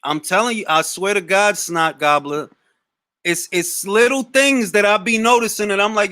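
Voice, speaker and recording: A man's voice: sits high, moderate pace, pushed and bright, no echo, studio quality. A young man hosting a boxing talk show, answering live questions in a casual, slangy way and often repeating words as he starts a thought.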